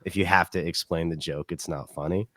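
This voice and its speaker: A man chatting casually on a podcast, relaxed and jokey, chuckling as he talks. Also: low-pitched, fairly quick, dry recording, studio quality.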